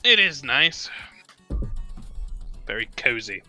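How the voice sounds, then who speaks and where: A man voicing a polite, weary gentleman adventurer who speaks courteously with small hesitations. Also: medium pitch, sing-song, slow, full character voice. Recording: faint music behind.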